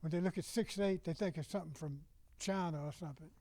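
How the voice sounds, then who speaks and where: A man's voice: a little high, quick pace, mellow, dry recording, low-quality recording. An older man with a Southern US accent, a music teacher rambling informally to fellow educators and singing rhythm syllables to demonstrate.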